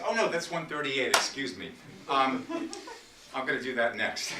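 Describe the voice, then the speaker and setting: A man giving a library lecture on poetry, reciting sonnets slowly and dramatically between chatty asides. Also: mid-range voice, expressive, pushed and bright. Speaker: literature lecturer. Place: library meeting room. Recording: roomy, distant, faint hiss.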